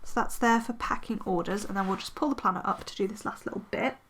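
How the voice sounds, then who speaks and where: A planner vlogger talks fast in a mid-range, slightly bright voice over a little hiss or hum. She rambles casually with fillers as she decorates her planner, poking fun at herself the whole way through.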